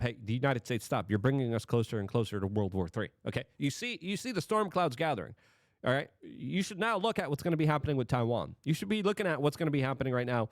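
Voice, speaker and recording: A man's voice: mid-range voice, dry recording, studio quality. A man hosting political commentary, talking emphatically and firing off rhetorical questions.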